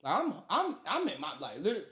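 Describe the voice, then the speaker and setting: A man with a Detroit accent telling a story on a casual podcast, animated and acting out the people in it. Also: high voice, fast talker. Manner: animated, acts out quoted voices loudly. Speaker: podcast co-host. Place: podcast studio.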